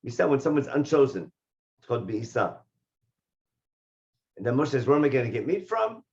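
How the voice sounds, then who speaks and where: A man teaching a Torah class, reading Hebrew verses and explaining them in English, and getting lively when he voices the figures in the text. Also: medium pitch, fairly quick, vocal fry, lo-fi sound. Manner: animated when voicing the speakers in the text. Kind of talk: text study lesson.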